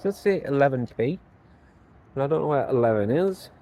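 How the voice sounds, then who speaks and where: A man's voice: mid-range voice, animated, fairly quick, dark tone. A man vlogging outdoors from a handheld phone, rambling, muttering to himself and poking fun at himself. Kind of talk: casual vlog talk to camera. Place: outdoors by mailboxes, walking around.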